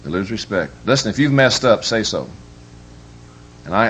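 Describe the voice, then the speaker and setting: A man's voice: on the low side, fairly quick, a little hiss or hum. A man giving a humorous live parenting workshop as a preacher, telling stories with emphatic, joking delivery. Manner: lively, joking, emphatic storytelling.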